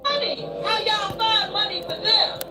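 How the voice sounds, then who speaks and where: Brief: high-pitched woman, impassioned and challenging, loud music over her. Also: a little slow, a loud crowd. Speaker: speaker at a public meeting.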